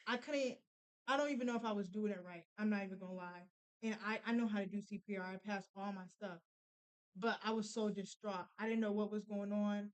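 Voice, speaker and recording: A young woman telling a painful personal story, halting with many fillers and restarts. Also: medium pitch, steady tone, clean tone, rough recording. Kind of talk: casual storytelling.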